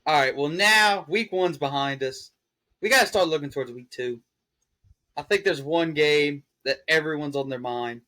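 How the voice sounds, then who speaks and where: Excitable man hosting sports talk. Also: a little high, normal speed. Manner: excitable, prods co-hosts for picks. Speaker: podcast host. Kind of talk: casual sports chat.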